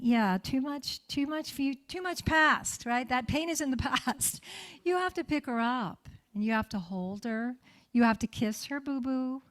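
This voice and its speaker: Gentle conversational woman pastor. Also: mid-range voice. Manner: warm, conversational, checks in with "right?". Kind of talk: sermon. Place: church.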